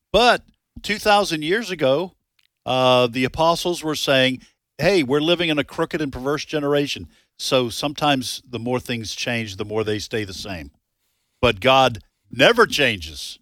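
A man co-hosting a radio talk show, reflecting in a halting way with restarts. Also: medium pitch, fairly bright tone, dry recording, clean studio sound. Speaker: radio co-host. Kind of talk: casual radio discussion.

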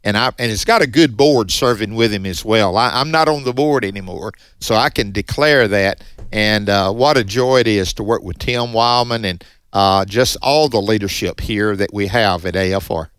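A man's voice: on the low side, normal speed, fairly bright tone, clean tone, dry recording. A man from northeast Mississippi with a strong Southern accent, co-hosting a Christian radio pledge drive in a folksy, chatty and upbeat way. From Northeast Mississippi, USA. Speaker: radio co-host. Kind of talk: Christian radio fundraiser chat. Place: radio studio. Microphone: studio microphone.

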